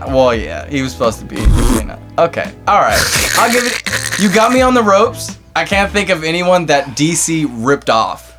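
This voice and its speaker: A man co-hosting a podcast in a studio, playful and animated, swearing often. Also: fairly high pitch, moderate pace, over music. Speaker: podcast co-host. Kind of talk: casual chat.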